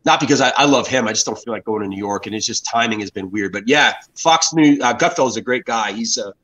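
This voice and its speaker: A US man in his fifties, mid-range and fairly bright in tone, speaks quickly as a guest in a relaxed interview. He tells meandering stories, often restarting what he's saying, and the audio is rough.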